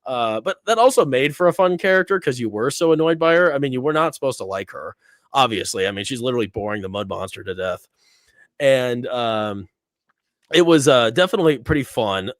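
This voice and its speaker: A man's voice: mid-range voice, lively intonation, brisk, dry recording, studio quality. A young man casually recapping a TV episode, rambling with many fillers and little laughs. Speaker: host. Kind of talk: casual review chat.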